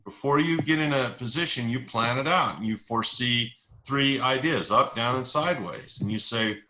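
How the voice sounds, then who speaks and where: A man's voice: mid-range voice, normal speed, pushed and bright, rough recording. A middle-aged man in an interview, explaining investing ideas with analogies and stories and repeating key words for emphasis. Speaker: investing educator, interview guest. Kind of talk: conversational explanation.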